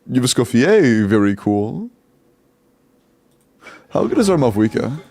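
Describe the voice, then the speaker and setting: A man's voice: mid-range voice, sing-song, brisk, a little mellow, husky. A young man live-streaming, chatting casually, rattling off game stats and laughing often.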